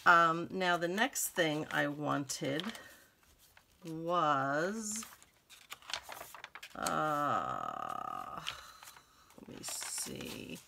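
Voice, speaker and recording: A woman's voice: sits low, wildly swooping pitch, very slow, gravelly, pauses often, background noise. A middle-aged woman hosting a crafting channel, chatting casually and thinking aloud with lots of fillers as she works. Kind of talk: casual crafting tutorial chat.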